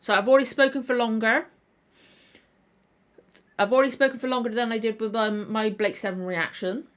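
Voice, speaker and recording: A reaction channel host rambles through a casual livestream chat, tired and with a slightly tender throat, often correcting herself. Her voice is a little high with fairly even intonation, and she talks a little fast.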